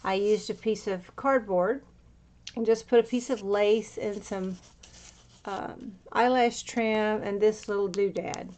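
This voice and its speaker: A woman gives a casual walkthrough of a handmade journal, her chatter meandering and full of fillers, and she's slightly out of breath. Her voice is medium-pitched with a darkish tone, steady and slow.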